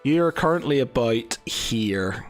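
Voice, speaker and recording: A man's voice: medium pitch, animated, unhurried, soft background music. A man running a tabletop game as game master, rambling with many fillers and laughing often. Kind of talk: narrating a tabletop game, casual chat.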